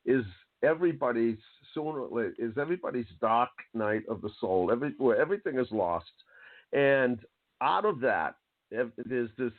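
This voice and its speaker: A man hosting a casual interview as a coach, talking haltingly with many restarts. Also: medium pitch. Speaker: host, coach. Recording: tinny call line.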